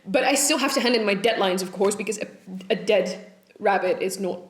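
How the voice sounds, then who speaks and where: A woman's voice: mid-range voice, brisk, roomy sound. A young woman talking casually to her camera at home, rambling and candid, swearing often as she talks through a sad week. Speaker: vlogger. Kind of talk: casual vlog chat. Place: home room.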